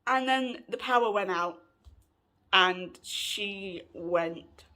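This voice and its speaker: A vlogger in her late twenties tells a personal story to camera at home, speaking very slowly in a medium-pitched voice that is bright and forceful. Her telling is chatty and rambling, and she often corrects herself.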